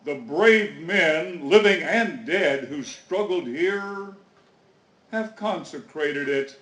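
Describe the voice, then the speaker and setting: A man playing a solemn 1860s president, reciting a formal address in a slow, measured way at a historical reenactment. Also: fairly high pitch, animated, fairly bright tone, roomy sound, rough recording.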